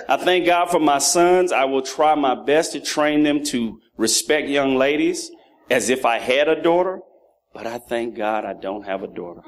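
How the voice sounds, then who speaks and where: Moderately paced and mid-range in pitch, a man in his thirties gives a sermon built on humorous family stories. He animatedly voices his children while connecting tales of his sons to lessons about fatherhood.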